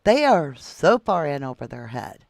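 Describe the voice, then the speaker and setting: A woman's voice: low voice, sing-song, a little slow, creaky, a little mellow, no room sound, studio quality. A middle-aged woman hosts a true crime livestream, reading viewer comments and calling them love and sweetheart.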